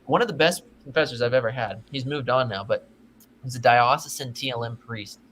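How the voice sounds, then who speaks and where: A man speaking as a guest on a video-call panel chat, explaining in an earnest way with quick restarts. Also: medium pitch, a bit bright, a little hiss or hum. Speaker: podcast guest.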